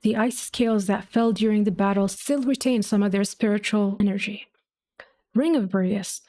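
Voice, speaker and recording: A woman's voice: mid-range voice, normal speed, dark tone. A woman reading game lore aloud to her viewers, with gushing, affectionate asides between entries. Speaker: gaming video creator.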